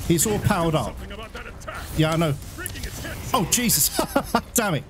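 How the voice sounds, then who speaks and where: Excitable man over loud game music. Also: fairly high pitch, unhurried. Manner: excitable, swearing, nervous and frantic. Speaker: gaming channel host. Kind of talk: live gameplay commentary.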